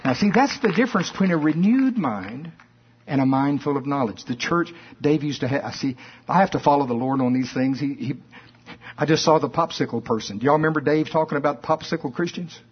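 A man preaching a folksy, animated sermon that rises to shouts at its peaks. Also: medium pitch, fairly quick, slightly rough. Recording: dull lo-fi recording.

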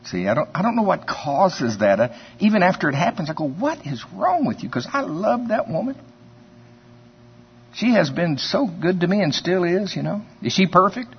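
Husky preacher, folksy storytelling. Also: male voice, high voice, sing-song, moderate pace. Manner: conversational storytelling, chuckles often. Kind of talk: folksy sermon. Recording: dull lo-fi sermon recording.

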